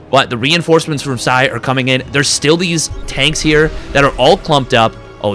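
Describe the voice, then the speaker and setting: A man doing live game commentary as a caster, excitable and breaking into quick bursts during fights. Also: medium pitch. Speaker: esports caster.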